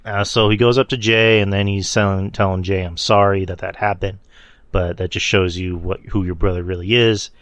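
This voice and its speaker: A man's voice: low voice, steady tone, normal speed, a bit bright, no echo. A man hosting a podcast, casually recapping wrestling shows in a loose, rambling way, swearing and laughing at his own slips. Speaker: podcast host.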